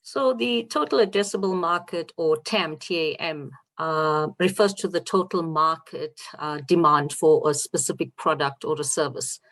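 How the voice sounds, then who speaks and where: A woman on a webinar panel as a judge and mentor, explaining clearly and step by step. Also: deep voice, moderate pace, few pauses, a bit bright.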